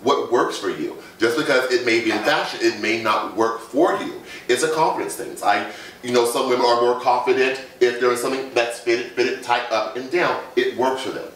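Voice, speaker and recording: A man's voice: medium pitch, normal speed, fairly bright tone, slight background noise. Confident man giving style tips. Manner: confident, coaching with lists and short punchy phrases. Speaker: fashion image consultant guest. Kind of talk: casual talk show advice. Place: Las Vegas. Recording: echoey room, far from the mic.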